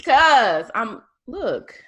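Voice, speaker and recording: A woman, co-hosting a podcast in casual chat, blunt and animated, swearing freely. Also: fairly high pitch, extremely slow, slightly rough. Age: late 30s. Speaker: podcast co-host.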